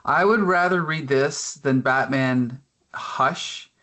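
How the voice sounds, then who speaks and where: A man's voice: mid-range voice, takes it slowly, sharp tone. A man co-hosting a comic book review podcast, arguing his opinions emphatically. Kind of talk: casual review chat.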